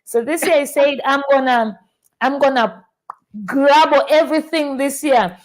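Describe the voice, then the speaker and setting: A Tanzanian woman hosts a casual podcast chat, her voice sitting high as she tells stories at a measured pace. She's animated and often repeats words when starting a sentence.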